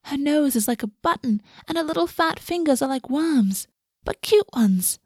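Brief: sweetly cruel young fae girl, voiced by a female storybook reader; raised pitch, eager and dreamy with a hard edge; dry, close sound. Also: expressive, normal speed, dry recording. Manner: dreamy, eager, edged with contempt. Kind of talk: storybook reading.

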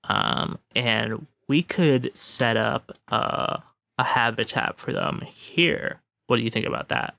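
A man with a gravelly, bright edge to his voice, recorded dry and close. He talks politely and haltingly, filling gaps with ums and rephrasing himself. It's an improvised comedy scene. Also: mid-range voice, no room sound. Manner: polite and hesitant, full of ums and restatements. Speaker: improv scene partner playing an Earth negotiator.

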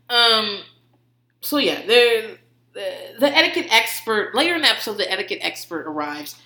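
A woman's voice: mid-range voice, sharp tone. A woman host giving a casual comedic recap, swearing freely and laughing often as she talks. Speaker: podcast host. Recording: roomy echo.

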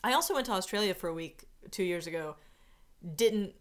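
A woman's voice: mid-range voice, animated, brisk. A woman co-hosting a podcast in casual chat, chatty, trailing off mid-thought and laughing easily. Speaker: podcast co-host.

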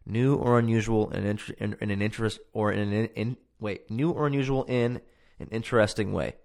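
Hosting a casual solo podcast from his home podcast room, a man rambles, swears freely, and pokes fun at himself. His voice sits on the low side, gravelly and a little mellow, fairly quick with fairly even intonation.

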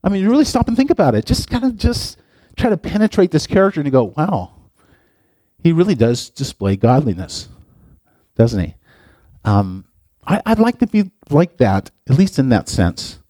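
A man's voice: high voice, big pitch swings, brisk, warm tone, no echo, clean studio sound. A middle-aged man, a pastor, giving a playful, chatty sermon and talking directly to his listeners. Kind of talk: casual sermon.

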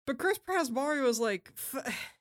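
A man co-hosting a casual chat, animated and opinionated, laughing often and swearing freely. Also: extremely high pitch, moderate pace. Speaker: podcast co-host.

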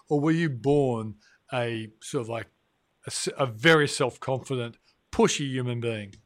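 A man's voice: medium pitch, no echo, clean studio sound. A man hosting an interview, asking probing conversational questions. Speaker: host.

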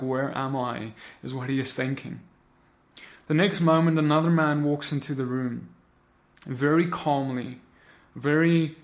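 A man preaching a sermon, recounting a vision and building into impassioned, repetitive exhortation. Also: on the high side.

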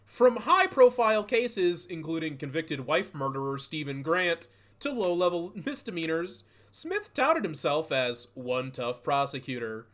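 A man hosting a casual comedy podcast, animated and laughing, with mocking, profane asides. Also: on the high side, a little slow, few pauses. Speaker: podcast host.

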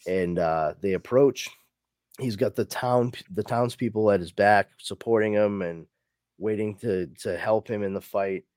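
A podcast host casually recaps a comic book story, rambling and filling his speech with fillers. His voice is lowish and darkish, his pace unhurried, and the sound is dry and studio-clean.

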